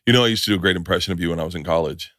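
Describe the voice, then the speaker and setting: A man's voice: low-pitched, very fast, dry recording, studio quality. A middle-aged man hosting a podcast, telling stories in a casual chat and laughing often. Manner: animated storyteller, laughs a lot. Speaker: podcast host.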